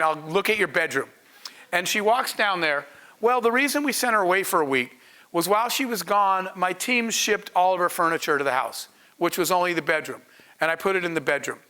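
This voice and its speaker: High, bright-voiced man telling a business story. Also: low-quality recording. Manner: animated storyteller, acts out quoted voices. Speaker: entrepreneur giving a masterclass. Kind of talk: storytelling lecture to an audience.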